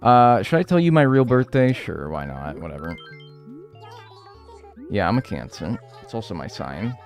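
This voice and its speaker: Animated man rambling through gameplay commentary. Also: fairly low pitch, moderate pace, over music. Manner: animated, rambling, swears, heavy use of "like". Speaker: streamer. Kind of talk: casual livestream gameplay commentary.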